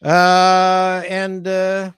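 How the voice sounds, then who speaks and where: A man's voice: high voice, completely flat delivery, drawn-out words, fairly bright tone, smooth, dry recording, clean studio sound. A man chatting as an interview guest, rambling through stories with many fillers. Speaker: guest, former TV executive. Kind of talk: casual interview chat.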